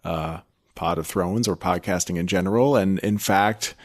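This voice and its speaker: A man's voice: low voice, normal speed, dry recording, studio quality. A man co-hosting a podcast in casual chat, rambling and laughing, swearing freely. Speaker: podcast co-host.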